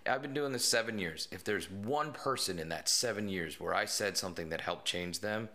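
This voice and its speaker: A man's voice: lowish voice, normal speed, pushed and bright. A man, a police officer, telling stories in casual chat, rambling with lots of fillers. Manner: rambling, full of "like" and "you know". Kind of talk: casual storytelling in a podcast chat.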